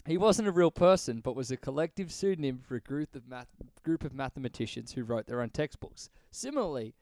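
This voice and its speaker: A man's voice: medium pitch, animated, brisk, a little mellow. A man co-hosting a comedy podcast, casual and joking, laughing often and swearing. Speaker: podcast co-host.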